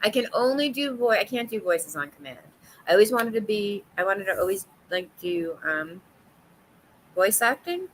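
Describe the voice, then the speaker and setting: A woman hosting a casual livestream chat with viewers, talkative and quick to laugh, often restarting her sentences. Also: mid-range voice, animated, a little hiss or hum, rough recording. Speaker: livestream host.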